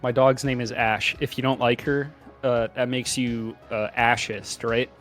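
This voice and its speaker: A man's voice: medium pitch, level tone, unhurried, a bit bright, soft background music. A man co-hosting a casual podcast, joking and rambling as he laughs often. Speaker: podcast co-host.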